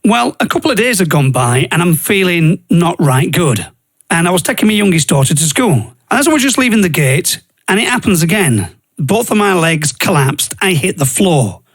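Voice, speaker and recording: A man's voice: high voice, big pitch swings, normal speed, a bit bright, breathy edge. A man, hosting a podcast and earnestly telling a personal faith story in a plain, conversational way. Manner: earnest, conversational, uses regional grammar like "I goes". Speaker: podcast host.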